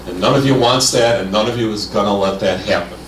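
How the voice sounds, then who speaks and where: A man's voice: lowish voice, fast, a little hiss or hum. A man giving an upbeat, conversational keynote talk to a conference audience. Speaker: keynote speaker. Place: large conference hall. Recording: echoey hall, mic from a distance.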